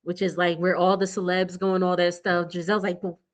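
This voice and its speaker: A woman's voice: lowish voice, level tone, a little fast. A young adult woman, giving a casual, blunt TV recap that is chatty and full of laughter. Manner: chatty and blunt, laughing often, addressing viewers as y'all. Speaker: TV recap vlogger.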